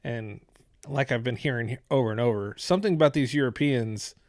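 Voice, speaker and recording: A man's voice: mid-range voice, fairly quick, no echo, clean studio sound. A man hosting a podcast in casual chat, rambling, swearing freely and laughing often. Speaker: podcast host.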